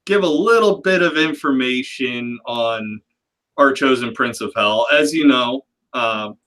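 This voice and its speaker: A man's voice: medium pitch, unhurried, bright, forceful tone, low-quality recording. A man hosting a livestream panel in casual chat, talking loosely and rambling with a self-deprecating humor. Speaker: livestream host.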